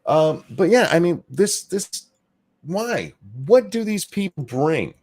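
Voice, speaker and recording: A male show host talking fast and ranting with sarcasm, dropping swear words as he goes. His pitch swings widely, rising and falling through every point. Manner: animated, swearing, sarcastic rants. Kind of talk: casual political commentary chat.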